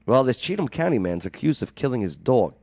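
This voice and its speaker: A man's voice: medium pitch, very animated, a little fast, dark tone, no echo. A man co-hosting a talk show, joking and teasing while reading ads. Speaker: radio show co-host. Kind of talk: casual banter and ad reads.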